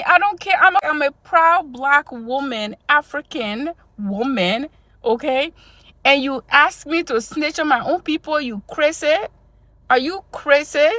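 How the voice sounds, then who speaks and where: A woman's voice: high-pitched, fairly bright tone, no echo. A woman from Liberia delivering a heated, profane casual rant full of rhetorical questions. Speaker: social media commentator.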